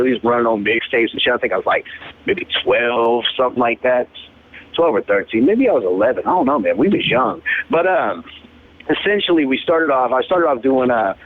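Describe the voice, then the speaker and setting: A young man in his twenties tells his story in loose, profane street slang, tacking "man" onto nearly every sentence. He speaks at a mid pitch as a rapper being interviewed. The sound is thin and tinny, like a phone line. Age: 20s. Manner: laid-back, profane street slang, says "man" constantly. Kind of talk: casual storytelling.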